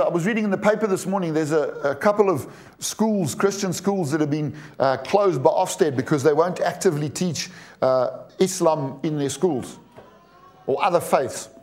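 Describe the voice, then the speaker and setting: Man preaching, high voice, emphatic, repeats words, questions the congregation. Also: darkish tone. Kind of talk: sermon.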